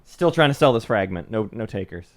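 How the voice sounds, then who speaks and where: A man's voice: fairly low pitch, big pitch swings, brisk, slight background noise. A man giving casual, chatty commentary on a tabletop strategy game and explaining each player's moves.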